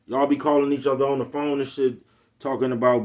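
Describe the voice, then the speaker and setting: A man's voice: medium pitch, flat delivery, fairly quick, darkish tone. Blunt profane man with an Oakland accent. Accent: Bay Area Black American English. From East Oakland, California. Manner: blunt, profane street talk, repeats "you know what I'm talking about". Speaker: vlogger. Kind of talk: casual monologue.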